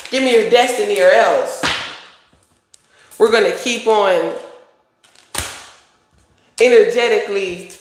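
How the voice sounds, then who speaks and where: A woman's voice: mid-range voice, slow pace, pauses often. A woman doing a casual psychic tarot reading, blunt and profane, rambling from thought to thought. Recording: very echoey room, faint noise.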